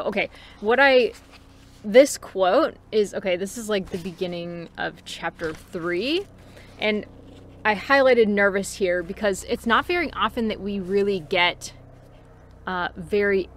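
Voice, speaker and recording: A woman's voice: mid-range voice, slight background noise. Chatty Californian woman reviewing a book. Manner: chatty, rambling, with fillers and laughs. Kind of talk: casual book review talk. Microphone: home recording, unedited.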